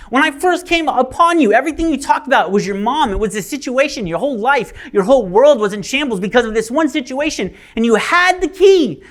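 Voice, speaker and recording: Man doing a high, loud, insistent young girl, pleading.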